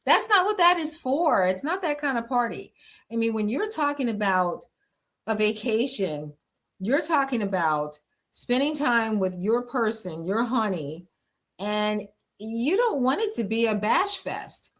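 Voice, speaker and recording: A woman's voice: on the high side, big pitch swings, unhurried, fairly bright tone. Chatty woman pastor giving advice. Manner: chatty and emphatic, many fillers, frequent laughs. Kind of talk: casual relationship advice talk.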